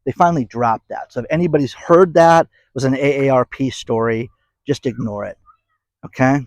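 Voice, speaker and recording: A man's voice: medium pitch, moderate pace, no echo, low-quality recording. A man hosting a casual commentary channel, rambling and sarcastic as he talks straight to his viewers. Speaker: host of an economy commentary channel.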